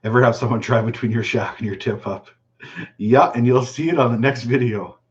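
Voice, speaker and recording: A man hosting a fishing channel's live chat, reading viewer questions aloud and answering them in a relaxed, chatty way. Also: medium pitch, fairly quick, lo-fi sound. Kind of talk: casual live stream chat.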